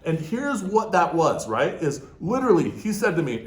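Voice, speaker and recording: A man's voice: on the high side, normal speed, hardly any pauses, echoey room. Emphatic man telling a business story. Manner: animated, emphatic, acts out dialogue, frequent "okay?". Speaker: guest entrepreneur.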